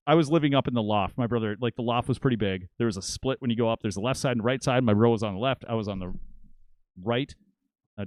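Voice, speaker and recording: A man's voice: mid-range voice, no echo. A man in his late thirties from Minnesota, telling rambling, profane stories as a podcast guest. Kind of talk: casual storytelling.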